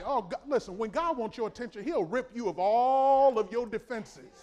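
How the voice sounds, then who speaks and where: A man preaching a sermon, swinging from quiet asides to shouted exhortation. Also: very high-pitched, animated, normal speed.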